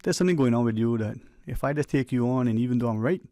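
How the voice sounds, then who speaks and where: Gravelly radio host, dry studio sound. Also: male voice, medium pitch, dark tone, no room sound. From Cayman Islands. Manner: conversational, preachy, speeds up and slows down for emphasis. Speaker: radio talk show host. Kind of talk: reflective radio monologue. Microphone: studio microphone.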